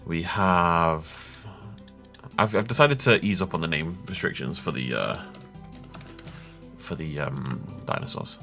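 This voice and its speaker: A man's voice: sits low, lively intonation, takes it slowly, pauses often, sharp tone, faint music behind. A man hosting a Minecraft let's-play, rambling and thinking aloud as he chats casually with his viewers. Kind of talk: casual gameplay commentary.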